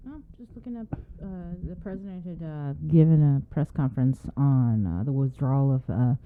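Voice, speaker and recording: A woman co-hosts a radio talk show, explaining things casually and pausing often with fillers. Her voice sounds thin and narrow, as if heard over a phone line. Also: deep voice. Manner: hesitant, many filler pauses.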